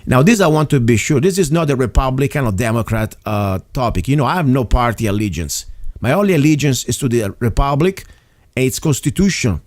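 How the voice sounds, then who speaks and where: A man hosting an interview show, speaking earnestly and haltingly, with frequent restarts and fillers. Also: mid-range voice, expressive, darkish tone, no room sound, studio quality. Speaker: interview host. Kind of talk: opinionated talk show monologue.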